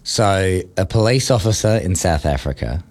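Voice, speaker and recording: Deep-voiced radio host spinning a yarn. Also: male voice, moderate pace. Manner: animated, playful, builds suspense. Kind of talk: casual banter, storytelling.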